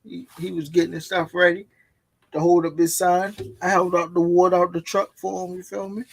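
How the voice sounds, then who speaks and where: Gravelly high-voiced man. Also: flat delivery, fairly quick, no room sound. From Baltimore. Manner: laid-back, loose, peppered with "you feel me". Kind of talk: casual chat.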